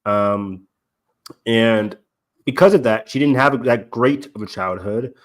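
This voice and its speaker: A man's voice: mid-range voice, expressive, slow. A young man co-hosting a casual review chat, rambling with lots of fillers and acting out lines he quotes. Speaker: podcast co-host.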